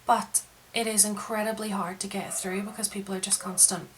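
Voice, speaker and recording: A woman's voice: mid-range voice, a little fast, slight background noise, low-quality recording. A woman vlogging a casual, frustrated rant, recounting events and acting out the back-and-forth in her own voice. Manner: frustrated, retelling events with lively quoted dialogue. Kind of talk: casual ranting monologue.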